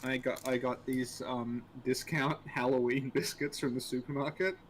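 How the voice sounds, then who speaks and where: A man's voice: mid-range voice, flat delivery, normal speed, a loud crowd. A man co-hosting a casual live-stream Q&A, rambling and hesitant with dry humor, greeting viewers as he goes. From Australia.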